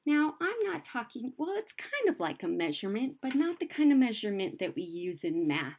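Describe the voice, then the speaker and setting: A young adult woman teacher explaining poetry to children in a patient, sing-song way, slowing down to sound out words. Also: a little high, sing-song. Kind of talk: recorded classroom lesson. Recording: phone-like narrow sound.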